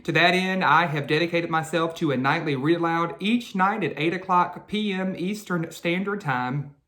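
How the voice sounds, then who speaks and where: A man's voice: on the high side, normal speed, pushed and bright. A man, a teacher, hosting a nightly children's read-aloud with a formal, earnest welcome and long flowing sentences.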